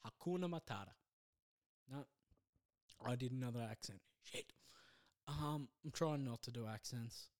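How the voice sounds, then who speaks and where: Guy rambling slowly on a solo podcast, mid-pitched, keeps cutting himself off and calling himself an idiot. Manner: rambling, self-deprecating, halting restarts. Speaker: podcast host. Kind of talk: casual rambling movie review.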